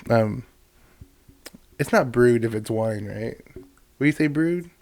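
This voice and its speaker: Very low-voiced woman, lively chat. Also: unhurried, a little hiss or hum. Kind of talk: casual chat.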